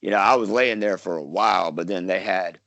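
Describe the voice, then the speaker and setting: A man's voice: deep voice, brisk, vocal fry, fairly bright tone, dry recording. A man from South Carolina, an actor guest chatting casually in an interview, rambling with lots of fillers and restarts. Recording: dull lo-fi dry sound.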